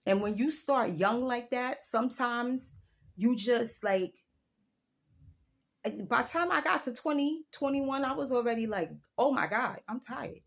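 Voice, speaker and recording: Telling a story as she vents her opinions to viewers, this woman vlogger in her forties speaks on the high side. Her delivery is casual yet emphatic, stretching words out and leaping around in pitch.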